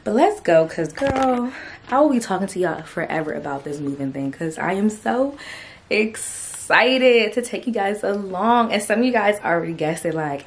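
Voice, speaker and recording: A young woman vlogger chatting casually to camera, excitable and full of slangy asides. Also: on the low side.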